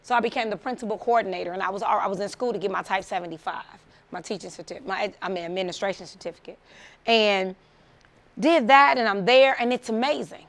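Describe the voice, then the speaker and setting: Middle-aged woman speaker, gravelly, animated storyteller, plays out dialogue with lots of laughs. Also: medium pitch, fast. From Chicago suburbs. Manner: animated, acts out quoted voices, laughs often. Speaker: motivational speaker. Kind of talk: storytelling talk.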